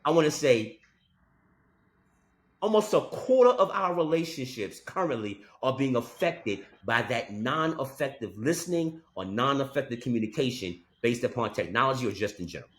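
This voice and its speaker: A man's voice: mid-range voice, lively intonation, normal speed. A man co-hosting a podcast in casual chat, telling a story with emphatic "okay?" asides. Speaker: podcast co-host.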